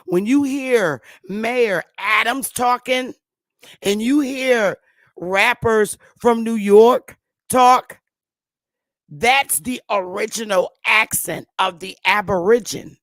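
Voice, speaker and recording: 50s connecticut lady hosting her show, super slow, leans hard on words and repeats herself. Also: fairly high pitch, a bit bright, no echo. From Connecticut, USA. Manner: emphatic and repetitive, drawing words out. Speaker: show host. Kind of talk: monologue lecture to viewers.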